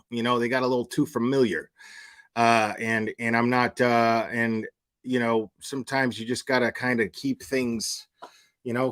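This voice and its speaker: A man hosting his channel in casual livestream commentary, crude and profane, rambling with repeated restarts. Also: mid-range voice. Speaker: channel host.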